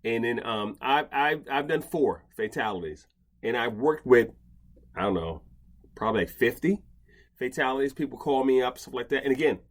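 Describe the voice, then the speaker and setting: A man's voice: mid-range voice, animated, moderate pace. A man hosting a casual podcast chat, talking in rambling bursts with many restarts and stammers. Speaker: podcast host, dog behavior expert.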